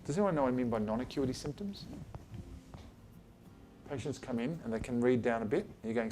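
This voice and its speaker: A man's voice: mid-range voice, animated, brisk, pauses often, dark tone, a little hiss or hum. A man, an eye surgeon giving an informal talk to colleagues in his office, blunt and chatty, swearing casually and acting out exchanges with patients. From Australia. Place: his office, talking to a small group.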